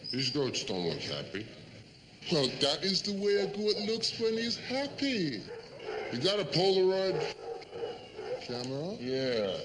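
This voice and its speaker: A gruff, hot-tempered cop, blunt and quick to bark. His voice sits fairly high, and its pitch swings widely, over clear background noise. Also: huge pitch swings. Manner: blunt, barking. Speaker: police officer. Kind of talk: television drama acting.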